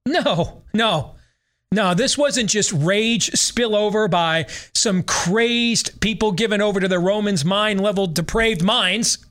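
A man's voice: high voice, slow pace, a bit bright. A man hosting a podcast, giving sarcastic, opinionated commentary with mocking repetition. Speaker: podcast host.

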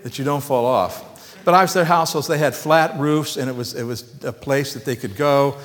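A man preaches in an easy, folksy way, tossing joking asides to the congregation between scripture readings. His voice sits at an ordinary middle pitch. The sound carries a long reverb from a church sanctuary. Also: moderate pace, fairly bright tone. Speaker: pastor. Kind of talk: conversational sermon.

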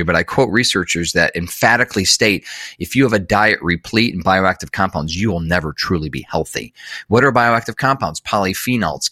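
Deep-voiced man explaining with emphatic repetition. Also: sharp tone, dry recording, clean studio sound. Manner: earnest, repeats words for emphasis, frequent self-corrections. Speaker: guest expert. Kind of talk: explanatory interview talk.

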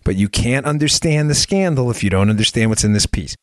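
This political podcast host has a medium-pitched, lively voice and talks fairly quickly in a studio-quality recording with no room sound. His monologue of commentary is emphatic and sarcastic, packed with rhetorical questions aimed at his audience.

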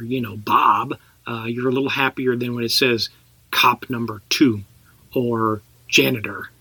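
A man's voice: mid-range voice, sharp tone, no room sound. A middle-aged man from Texas, an actor guest telling anecdotes in a casual podcast chat, laughing as he talks.

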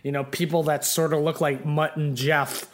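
In a relaxed podcast chat, a male co-host recounts a story at a moderate pace, his voice on the high side and his delivery flat. The telling wanders, packed with fillers and false starts.

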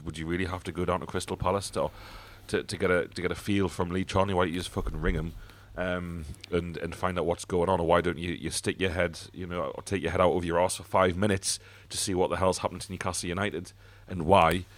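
A man's voice: sits low, level tone, fast talker, few pauses. A man hosting a casual football podcast, talking bluntly with swearing and frequent fillers. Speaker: podcast host.

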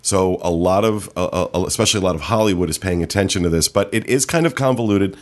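Low-voiced man hosting a casual chat. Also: fast talker. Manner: relaxed, joking, runs the segments. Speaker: podcast host.

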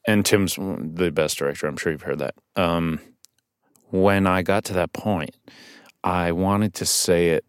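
A man guesting on a podcast as an actor, telling stories casually in a studio, animated and swearing now and then. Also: deep voice, unhurried, smooth, dry recording. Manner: animated storytelling with restarts and swearing.

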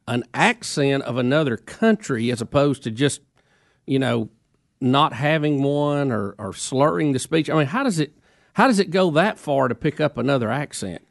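A man's voice: medium pitch, animated, moderate pace, creaky, no room sound, studio quality. A man co-hosting a radio show, curious and wry. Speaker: radio co-host. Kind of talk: morning radio banter.

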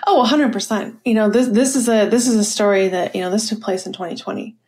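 A woman's voice: mid-range voice, fast talker, a little mellow. A woman leadership coach telling stories in a podcast interview, with many fillers like "you know" and "um".

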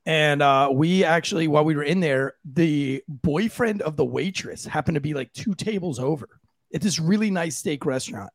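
Male podcast host, fairly high, gravelly and husky, dry close sound; laughs and swears through stories. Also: normal speed, no room sound. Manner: laughing, storytelling, swears freely. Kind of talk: casual chat.

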